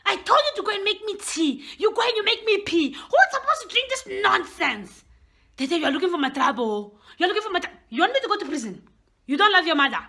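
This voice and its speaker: A woman playing a shrill, scolding African mother. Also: wildly swooping pitch, a little slow, exaggerated voice. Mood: outraged. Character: strict, fiery African mother. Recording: loud traffic noise behind.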